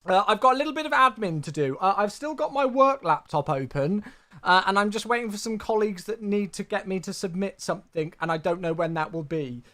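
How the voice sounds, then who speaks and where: Chatty man with lively pitch. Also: brisk. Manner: chatty, thanks viewers warmly by name, says "mate" a lot. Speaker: flight sim streamer. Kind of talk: casual live-stream chat.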